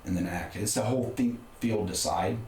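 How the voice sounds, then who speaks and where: A man's voice: on the low side, moderate pace, a little mellow. A middle-aged man, a podcast guest, telling a personal story in a candid, conversational way with frequent restarts. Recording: roomy room with faint background noise.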